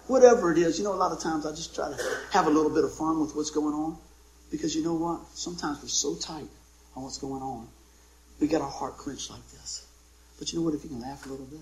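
A man's voice: fairly high pitch, a little mellow, echoey room, a little hiss or hum, rough recording. A middle-aged man preaching a sermon, telling folksy jokes and stories and calling out for amens from the congregation. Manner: folksy, joking storyteller with call-and-response amens. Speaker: pastor.

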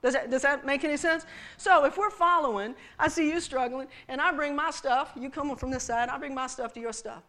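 Woman pastor, sermon with props, playful and teasing, crisp high voice. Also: brisk, sharp tone. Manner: playful, teasing, addressing the congregation directly. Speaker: preacher.

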